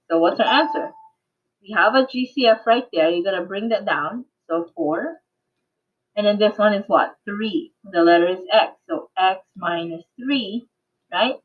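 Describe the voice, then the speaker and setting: A woman math teacher teaching an online class, coaxing and quizzing her students and laughing often. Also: medium pitch. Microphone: video call. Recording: tinny phone-like audio.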